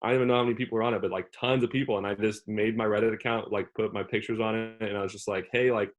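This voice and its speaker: Young man, lowish voice, rambling casually. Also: fairly even intonation, very fast. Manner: rambling, heavy use of "like" as filler. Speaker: relief pitcher, interview guest. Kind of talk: casual interview talk.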